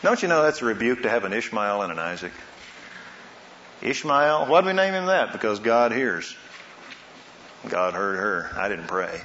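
A man preaching a sermon, asking rhetorical questions and swinging between soft and loud delivery. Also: on the low side, sing-song, moderate pace, pauses often, slight background noise. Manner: dramatic swings in loudness and pace, rhetorical questions. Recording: roomy, slightly dull sound.

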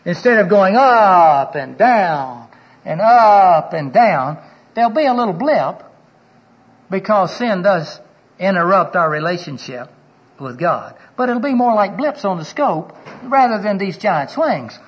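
An older man preaching a sermon, telling personal stories and acting out the dialogue in them, earnestly, often dropping to a hushed voice for the personal moments. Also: high-pitched, very animated, unhurried, husky. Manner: storytelling, acts out quoted dialogue with his voice. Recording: dull lo-fi recording.

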